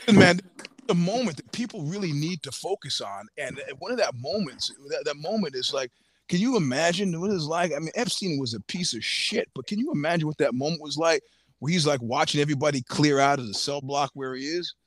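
A man as a podcast guest, telling stories in casual chat, animated, laughing often and swearing freely. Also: a little high, fairly quick, no echo, studio quality.

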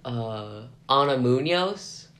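A man's voice: medium pitch, expressive, slow pace, a bit bright. A man co-hosting a podcast, chatting casually and making dry, laid-back quips. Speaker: podcast co-host.

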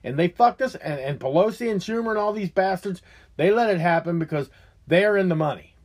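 A man's voice: high voice, expressive, fairly quick. A man hosting his own show, delivering a heated, profane political rant. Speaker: show host.

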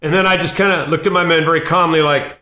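A man's voice: fairly high pitch, quick pace. Man telling war stories in an echoey room. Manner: animated anecdotes, laughs through lines. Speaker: comedian and Marine veteran guest. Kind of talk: storytelling interview. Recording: roomy echo.

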